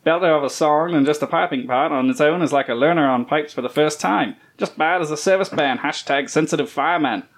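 A man's voice: fairly high pitch, brisk, hardly any pauses. A man reading a listener's letter in a clumsy mock Australian accent, voicing a rowdy Australian bagpiper who keeps laughing through it. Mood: cheeky.

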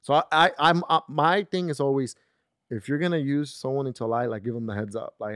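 A man's voice: mid-range voice, fairly quick, no echo, studio quality. A man hosting a casual chat, telling stories and acting out the quotes with rising heat. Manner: animated storyteller, acts out quotes with rising intensity. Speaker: podcast host.

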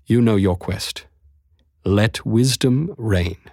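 A serene exiled queen speaks in slow, measured words of quiet wisdom, as a man reads her lines. The voice sits low and a little husky, recorded close and dry like a storybook audiobook. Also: dry recording. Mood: calm regal. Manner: slow, measured, gentle delivery. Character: exiled woman queen, calm, regal and wise.

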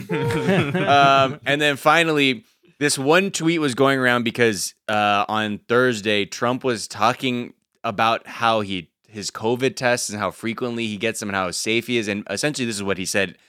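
A man's voice: medium pitch, normal speed, sharp tone, clear, resonant tone, no room sound, clean studio sound. A man co-hosting a podcast, chatting loosely and joking, often laughing between lines. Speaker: podcast co-host. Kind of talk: casual chat.

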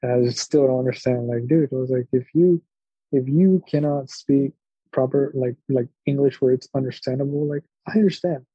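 A man's voice: mid-range voice, moderate pace, husky, dry recording. A man co-hosting a podcast in casual chat, rambling through stories and acting out the people in them. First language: Spanish. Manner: rambling, animated storytelling with quoted voices and laughs. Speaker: podcast co-host. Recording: dull lo-fi podcast mic.

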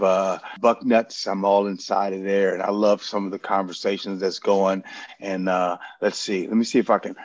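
A man's voice: low-pitched, no echo, dull audio. A man, a guest on a casual sports podcast, rambling earnestly and restarting his sentences.

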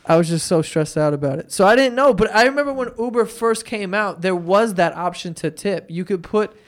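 High-voiced young man telling loose stories. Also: fairly quick. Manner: loose storytelling, profane, animated retellings. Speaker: podcast host. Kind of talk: casual chat.

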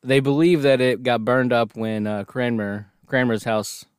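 A man trades jokes as a co-host in a loose, comedic conversation, now and then reading a story out loud. His voice sits at a middle pitch, and the recording is dry and close, with no room sound. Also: fairly even intonation, unhurried, smooth, no room sound. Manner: joking, reads story aloud, laughs often. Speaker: podcast co-host. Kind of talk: casual comedic chat.

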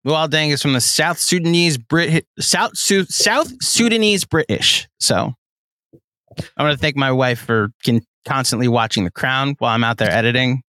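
A man's voice: medium pitch, normal speed, pushed and bright, no room sound. A man co-hosting a casual sports podcast, playful and teasing. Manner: playful, puts on a British accent reading a fan comment. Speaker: podcast co-host.

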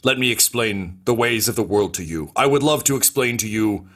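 A man's voice: lowish voice, lively intonation, moderate pace, a bit bright. A man voicing a pompous, boastful male warrior with many wives, who talks in a grand, lecturing way during a tabletop game.

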